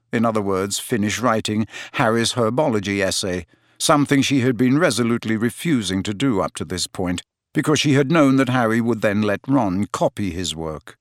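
A man narrating a story in a steady, expressive reading voice on a close microphone. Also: mid-range voice, no echo. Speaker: audiobook narrator. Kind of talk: scripted narration.

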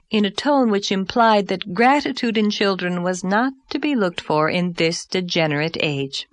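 A woman reading a story aloud as an audiobook narrator, in a measured, gentle storytelling manner. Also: lowish voice, expressive, dry recording. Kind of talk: scripted narration.

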